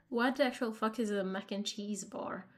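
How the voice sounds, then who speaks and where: A woman's voice: medium pitch, measured pace, faint music behind. Chatty young woman streamer. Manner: chatty, trailing fillers and laughs. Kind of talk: casual let's-play commentary.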